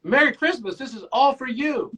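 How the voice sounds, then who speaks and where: A man's voice: extremely high pitch, normal speed, sharp tone, slightly rough, voice pushed up, exaggerated voice. A man voicing a kindly male psychiatrist talking to a child in a story. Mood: coaxing.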